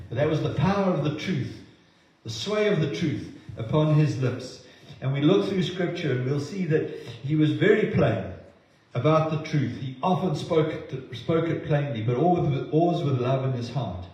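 A man preaching a sermon in an earnest way, often repeating words as he goes and acting out quotes with lively voices. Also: fairly high pitch, normal speed. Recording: very echoey, slightly dull sound.

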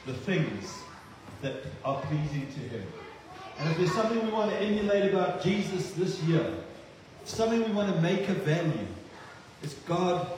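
Male pastor, earnest sermon delivery, mid-high voice, distant mic, roomy church echo. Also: noisy background. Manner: earnest, repeats words for emphasis. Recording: echoey hall, distant mic.

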